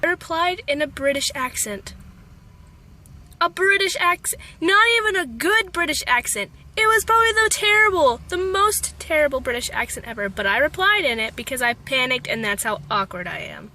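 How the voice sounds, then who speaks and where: A woman's voice: high-pitched, animated, moderate pace, sharp tone. A young woman from Texas with an American accent, telling a self-deprecating story in a vlog. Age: young adult. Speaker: vlogger.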